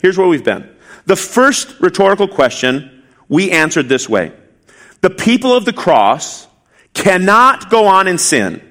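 A man delivers an expository sermon from the pulpit, his voice somewhat high and very lively in its rise and fall. He leans on rhetorical questions and says key lines twice for emphasis. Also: measured pace. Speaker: pastor.

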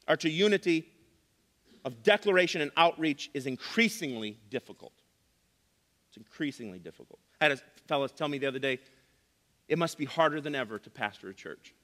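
Bright-voiced male pastor preaching in a hall. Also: on the high side. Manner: emphatic preaching, repeats key phrases, dry sarcasm. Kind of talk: sermon. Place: church sanctuary.

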